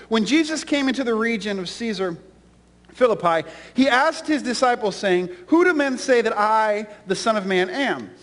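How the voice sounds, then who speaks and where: A man's voice: very high voice, fairly bright tone, big-room sound. A man pastor preaching a sermon with an emphatic, repetitive cadence in a church sanctuary.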